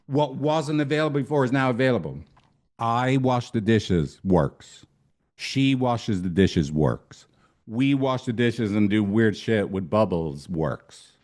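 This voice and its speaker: Male couples therapist from Ireland, animated storyteller, emphatic and profane. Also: mid-range voice. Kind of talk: storytelling talk.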